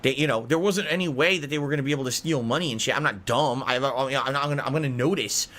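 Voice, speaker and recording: A man's voice: medium pitch, quick pace, fairly bright tone. A man hosting a podcast, ranting angrily about money, swearing and circling back to repeat his points. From United States. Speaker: podcast host. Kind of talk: heated podcast rant.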